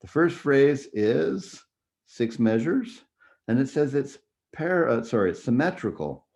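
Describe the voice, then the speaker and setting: A man's voice: medium pitch, sing-song, measured pace, creaky, darkish tone. A man teaching a music theory review lecture in a conversational, explanatory way, often checking in with "right?" and "okay?".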